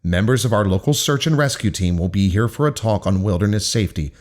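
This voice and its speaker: A man voicing a stern male school principal who talks in a measured, formal way. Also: fairly low pitch, darkish tone, lightly acted.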